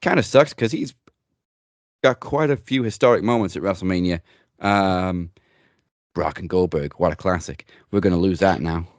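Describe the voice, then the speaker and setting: Deep-voiced man in opinionated podcast chat. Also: moderate pace, no room sound. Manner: opinionated, swears casually. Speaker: host. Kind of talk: casual wrestling news chat.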